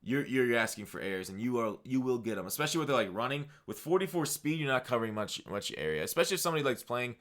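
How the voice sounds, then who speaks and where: A man's voice: medium pitch, big pitch swings, quick pace, hardly any pauses, fairly bright tone. A man hosting a gaming channel, talking casually through his picks with lots of fillers and restarts. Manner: rambling, many fillers and self-corrections. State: hiccuping. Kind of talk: casual video game commentary.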